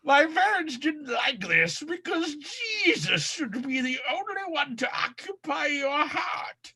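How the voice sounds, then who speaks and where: Man doing a fake Australian letter writer, very high, bright, lively, hammy reading. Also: a little slow, full character voice. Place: home during quarantine. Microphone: remote live stream.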